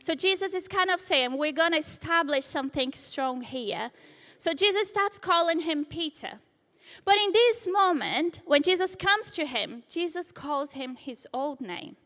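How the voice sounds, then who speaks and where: A woman's voice: high voice, animated, measured pace, bright, forceful tone, in a large hall. A woman preaching a sermon in a church, retelling a scripture story with acted-out quotes. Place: church hall.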